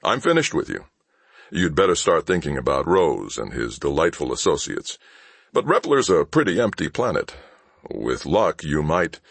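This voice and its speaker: A man playing a sardonic spacefarer who threatens in an easy, conversational way, in a very deep voice. His lines rise and fall with lively inflection, recorded close and dry. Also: normal speed, gravelly, husky, dry recording, exaggerated voice. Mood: calm menace. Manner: conversational, dryly mocking threats. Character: cool, menacing male shipmaster, sardonic and unhurried. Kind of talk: audiobook character voice.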